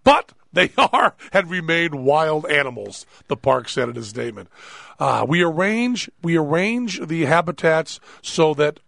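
A man's voice: on the high side, very animated, unhurried, gravelly, a bit bright, dry recording, clean studio sound. A middle-aged man hosting a comedy radio talk show, playful and rambling, laughing as he talks.

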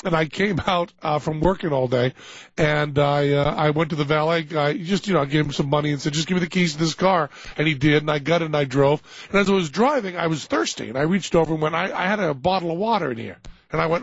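A man's voice: on the high side, fast talker, breathy edge, no room sound, muffled recording. A man hosting a radio show, telling rambling stories and laughing a lot in casual chat.

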